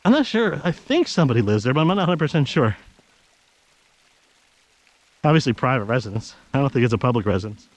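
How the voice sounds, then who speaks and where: A man's voice: medium pitch, big pitch swings, fast, pauses often, dry recording, poor audio. A man casually narrating while hiking outdoors on a snowy trail, chatting to the camera and giving his dog firm commands, recorded on an action camera. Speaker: hiking vlogger.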